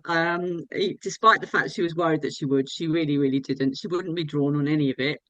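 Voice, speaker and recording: A woman's voice: deep voice, brisk, hardly any pauses, a bit bright, no room sound, poor audio. A woman fan being interviewed, chatting enthusiastically about meeting an actress. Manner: enthusiastic, gushing. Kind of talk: casual interview chat.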